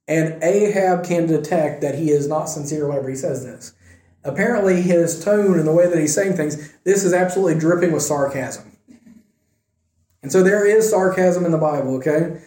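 A man teaching a Bible passage in a relaxed, conversational way, retelling scripture in everyday speech and often checking in with "right?". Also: a little high, moderate pace. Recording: echoey room.

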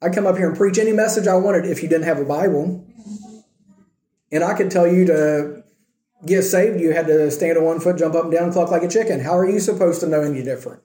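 A man's voice: on the high side, a little fast, warm tone. A pastor preaching a sermon in a conversational way, often asking his listeners rhetorical questions. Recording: roomy echo.

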